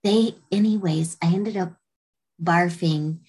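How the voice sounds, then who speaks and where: A woman with a slightly low, husky voice recounts her past on a casual podcast. She talks candidly and loosely, with restarts and chuckles. She brings other people to life by briefly acting out their words. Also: takes it slowly, darkish tone. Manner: candid, rambling, laughs often, acts out quotes. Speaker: podcast guest, actress. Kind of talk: casual storytelling chat.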